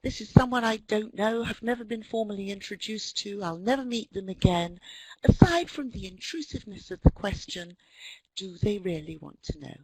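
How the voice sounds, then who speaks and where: British woman, husky voice, dry close mic, wry anecdotal lecture. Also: medium pitch, animated, normal speed, darkish tone, no room sound, low-quality recording. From Britain. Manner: wry, anecdotal, with frequent ums. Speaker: webinar presenter, English teacher trainer.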